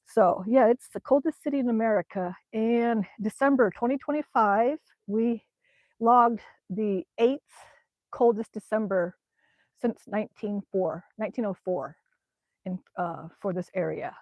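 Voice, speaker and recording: Outdoors in winter, a woman from Alaska chats casually on a live stream, reading the chat and rambling with plenty of ums. Her voice is mid-range, unhurried and slightly mellow, captured dry on a phone camera.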